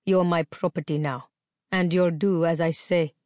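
A woman's voice: lowish voice, fairly even intonation, moderate pace, darkish tone, dry recording, studio quality, lightly acted. A woman reading aloud, putting on the voice of a brutal, menacing man who snarls out demands.

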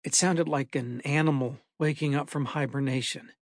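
A man reading a first-person horror story aloud in a measured, dramatic way. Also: mid-range voice, fairly even intonation, no echo, studio quality. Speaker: narrator. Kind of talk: scripted horror story narration.

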